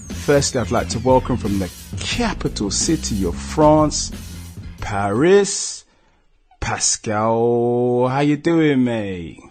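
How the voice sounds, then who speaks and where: A man hosting a sports podcast, casual and upbeat, with shouted hype intros. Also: mid-range voice. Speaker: podcast host.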